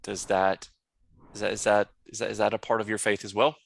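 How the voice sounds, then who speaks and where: A man's voice: on the low side, level tone, fairly quick, gravelly. A man playing an earnest male knight of a nature order, polite and hesitant.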